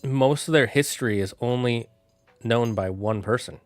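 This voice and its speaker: A man streaming live, thinking out loud and answering chat in a casual, rambling way. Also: medium pitch, no echo, soft background music. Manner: musing aloud, thinks out loud with quick asides. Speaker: streamer running a worldbuilding chat.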